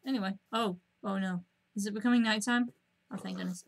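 A woman streaming a game at home, chatting to herself in a rambling, casual way and breaking into excited squeals at the animals. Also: brisk. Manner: rambling, self-talking, bursts of high squeals at animals.

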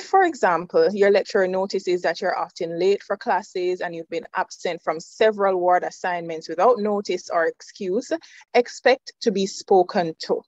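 A woman, a nursing lecturer, gives a measured, firm presentation to students. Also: medium pitch, darkish tone, no room sound, muffled recording.

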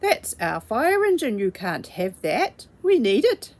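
A woman's voice: medium pitch, sing-song, takes it slowly, slightly rough, full character voice. A woman voicing a flustered male fireman who protests insistently in a storybook. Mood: protesting. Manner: agitated, insistent.

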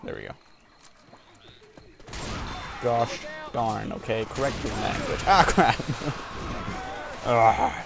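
A man's voice: mid-range voice, lively intonation, slow pace, gravelly, long pauses, background noise. A man giving casual let's-play commentary while gaming, joking and trash-talking as he plays. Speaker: gameplay commentator. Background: game music and gunfire.

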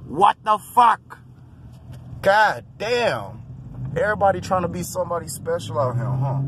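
Loud, high-voiced man taunting from his car. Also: expressive, a little slow. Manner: loud, profane trash talk, taunting other drivers; often breaks into shouting. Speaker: driver filming himself. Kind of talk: casual in-car vlog commentary. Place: inside a car on city roads. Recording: noisy in-car recording with road noise.

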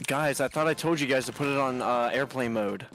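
A man's voice: medium pitch, brisk, a bit bright, soft background music. A man making crude wisecracks while playing an online shooter with friends. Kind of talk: casual gaming banter.

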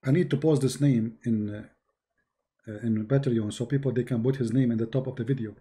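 A man with an Arabic accent, a native Arabic speaker from the Middle East, hosting a livestream and telling stories in a mocking, animated way. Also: mid-range voice, a little fast. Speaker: host. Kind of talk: livestream commentary.

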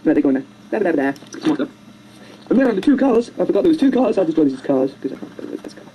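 Hurried jokey storyteller, wildly swooping pitch, mellow tone, home computer mic, faint hiss. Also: very animated, low-quality recording. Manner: hurried, jokey, jumps into silly squeaky voices. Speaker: amateur storyteller narrating drawings. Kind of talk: rambling comic retelling of a film.

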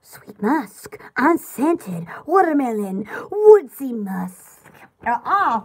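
Woman, shop host, high and lively, rambling and giggly. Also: slow, breathy edge. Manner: giggly, chatty, rambling, reads product lists aloud. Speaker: online shop host selling bath products. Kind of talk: casual live sales chat.

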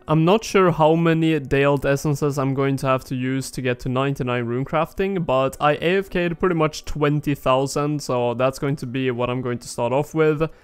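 Smooth-voiced groggy man narrating gameplay. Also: medium pitch. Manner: relaxed, thinking aloud with fillers. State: groggy, just woke up. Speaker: gaming video creator. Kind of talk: casual gameplay commentary.

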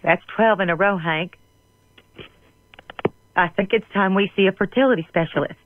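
An actress playing an earnest, upbeat middle-aged cartoon wife in an animated sitcom. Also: female voice, mid-range voice, moderate pace, dry recording, phone-quality sound, close to an everyday voice.

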